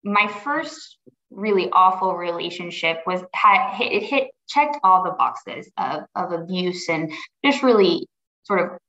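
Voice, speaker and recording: A woman's voice: lowish voice, animated, unhurried, sharp tone. A woman guest on a podcast, speaking earnestly and reflectively, often restarting her sentences. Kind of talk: conversational interview. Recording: roomy, dull lo-fi sound.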